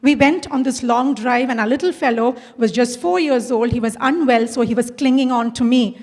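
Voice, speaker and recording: A woman's voice: fairly high pitch, moderate pace, a little mellow. Indian woman principal telling stories on stage. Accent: Indian English. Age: middle-aged. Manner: storytelling, acts out quoted dialogue. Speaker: school principal. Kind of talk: inspirational conference talk. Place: large conference hall. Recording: long hall reverb.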